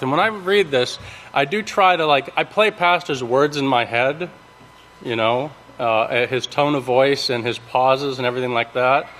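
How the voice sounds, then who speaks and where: A man giving a sermon, teaching from scripture in a halting way with many ums, restarts and checks of "okay?". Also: mid-range voice, a bit bright. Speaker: preacher. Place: large worship hall. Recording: long reverb of a large hall.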